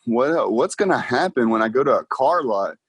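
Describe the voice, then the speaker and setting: A young man with a medium-pitched, husky voice talks at a normal speed, recorded with no room sound. He's a car salesman appearing as a podcast guest, telling stories in a casual interview. He's an animated storyteller who acts out dialogue and laughs often.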